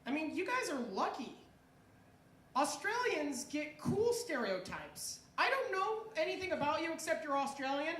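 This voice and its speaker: An American woman doing a stand-up comedy set, animated and rising into high exclaims. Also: moderate pace. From United States. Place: small club stage. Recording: echoey club room with faint noise.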